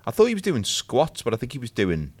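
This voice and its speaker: A man's voice: medium pitch, wildly swooping pitch, fast talker, a little mellow, breathy edge. A man, co-hosting a podcast in casual, jokey, self-deprecating chat. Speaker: podcast co-host.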